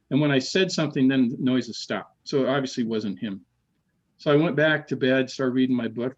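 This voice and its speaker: Man telling ghost stories, slightly muffled. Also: medium pitch. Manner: animated, repeats words, acts out quoted voices. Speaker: podcast guest. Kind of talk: casual storytelling.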